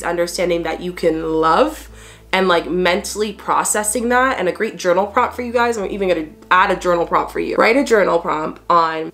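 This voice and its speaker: A woman's voice: lowish voice, a bit bright. A woman hosting a casual advice video, talking earnestly to her viewers as a spiritual coach, encouraging and repeating herself with "you know" fillers. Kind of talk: casual advice vlog to camera.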